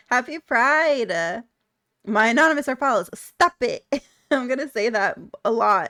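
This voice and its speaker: A woman's voice: on the high side, a bit bright, no room sound, studio quality. A young adult woman streamer chatting casually with viewers, giggly and playful, swearing freely. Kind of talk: casual chat reading out viewer messages.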